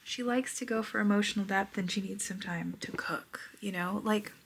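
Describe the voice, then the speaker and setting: A woman's voice: mid-range voice, moderate pace, gravelly, slight background noise. A woman giving a blunt, sarcastic, casual book review, swearing freely and dropping into whispered asides.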